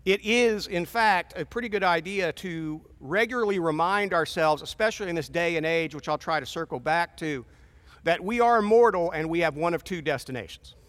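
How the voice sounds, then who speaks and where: A man's voice: on the high side, moderate pace, fairly bright tone. A man in his fifties preaching a sermon in a conversational, storytelling way with wry asides. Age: 50s.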